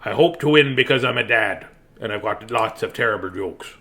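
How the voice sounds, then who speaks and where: A man hosting a bedtime story video, hoarse, talking in a playful, silly way with pirate growls. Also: lowish voice, a little fast, bright, forceful tone. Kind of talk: casual bedtime sign-off to viewers.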